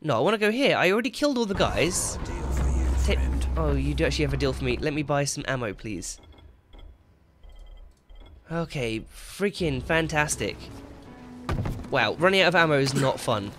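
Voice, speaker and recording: Man, high and very lively voice, jumpy let's-play commentary with game music behind. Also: moderate pace, long pauses. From England. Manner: jumpy, yelps and swears when startled. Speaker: gaming YouTuber.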